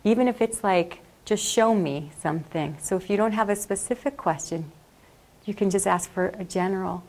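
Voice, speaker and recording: Woman calmly guiding a meditation. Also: medium pitch. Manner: slow, calm, soothing guidance. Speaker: workshop leader. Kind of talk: guided meditation. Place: classroom or workshop.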